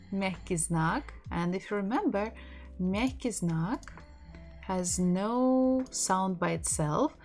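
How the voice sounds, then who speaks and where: Slow, patient woman teaching Russian letters. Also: medium pitch, a little mellow. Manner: patient, spells words out letter by letter; reads viewers' chat messages aloud. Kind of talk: live-streamed language lesson.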